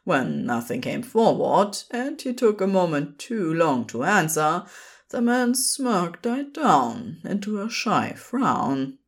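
Slow, expressive woman reading a story. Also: on the low side. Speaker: podfic reader. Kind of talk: storybook narration.

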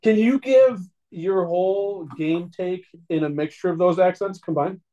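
A man co-hosts a casual sports podcast, throwing quick teasing jabs at the host. His voice sits on the higher side yet sounds soft and mellow. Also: lo-fi sound.

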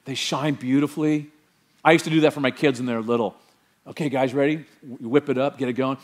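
A middle-aged man pastor preaching an animated sermon and quizzing the congregation with questions. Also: mid-range voice, quick pace.

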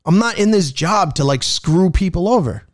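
Animated, high-voiced man telling a story. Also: moderate pace, no echo, clean studio sound. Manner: animated, profane, acts out dialogue. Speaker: rideshare driver. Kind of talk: casual anecdote storytelling.

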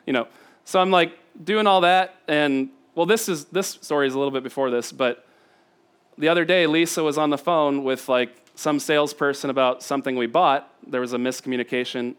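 A man's voice: on the high side, a bit bright, smooth. A man in his thirties from Indiana, preaching a sermon built on family stories, laughing often and talking with many fillers. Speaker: pastor.

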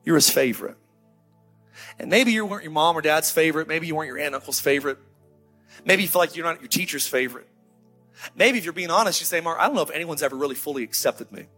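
Man pastor, slightly high voice, fiery sermon turning tender, faint music under him. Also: fast, breathy edge. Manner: fiery preaching that drops to soft, intimate tones. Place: church hall before a congregation.

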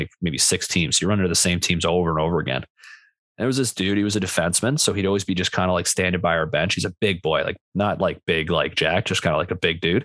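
Man, podcast host, quick chatty delivery, lowish voice, dry sound. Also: fairly bright tone, dry recording. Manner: laid-back storyteller, lots of fillers. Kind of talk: casual chat.

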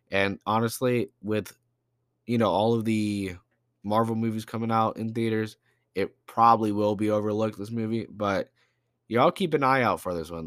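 A young man talks through his podcast in a loose, rambling way, full of fillers and slang. His voice sounds stuffy and congested, and sits a bit low. The recording is close and dry, with no room sound. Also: dry recording. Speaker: podcast host. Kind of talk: casual solo podcast.

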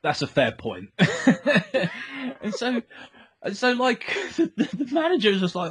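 A man's voice: sits high, wildly swooping pitch, measured pace, fairly bright tone. A man co-hosting a casual podcast, recapping a TV episode in a rambling way and laughing often. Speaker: podcast co-host.

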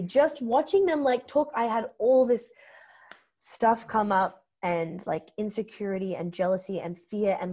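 Young Australian female comedian, candid storytelling, animated delivery with acted-out quotes. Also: medium pitch, measured pace. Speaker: podcast guest, comedian.

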